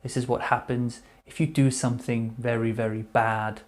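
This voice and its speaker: A man teaching English vocabulary, repeating each word slowly and clearly before explaining what it means. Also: medium pitch, flat delivery. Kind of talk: slow vocabulary lesson.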